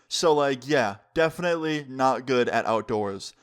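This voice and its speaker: A man's voice: medium pitch, animated, unhurried. A man in his twenties telling a story casually on his vlog, often saying "like" and swearing. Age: 20s. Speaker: vlogger.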